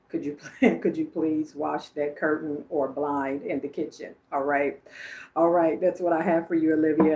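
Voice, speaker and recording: A woman's voice: sits low, vocal fry, dark tone. A woman from Illinois hosting a livestream as a psychic medium, relaying messages in a chatty, informal way and laughing often between phrases. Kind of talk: casual livestream psychic reading.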